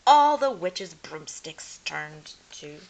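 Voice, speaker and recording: A woman reading a humorous picture book aloud as a storyteller, slow and expressive. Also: fairly low pitch, a little hiss or hum, poor audio.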